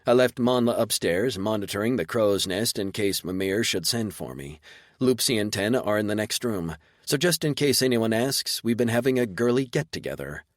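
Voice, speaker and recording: A man's voice: on the low side, lively intonation, moderate pace, no echo, clean studio sound, natural voice. A man voicing a haughty spider-woman noble in an audiobook, tense and curt. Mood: cool.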